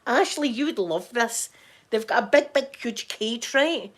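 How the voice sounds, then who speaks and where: Hoarse middle-aged Scottish woman vlogger, halting casual chat, lots of repeats and restarts. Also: fairly high pitch, lively intonation. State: hoarse from crying. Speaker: vlogger talking to viewers.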